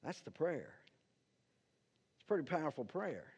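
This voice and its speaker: Husky and darkish, this pastor's voice runs on the high side with big swings in pitch, moving at a normal speed. His sermon takes a conversational teaching approach, often punctuated by "right?", and he turns to the slide operator between points. The audio is dull and lo-fi.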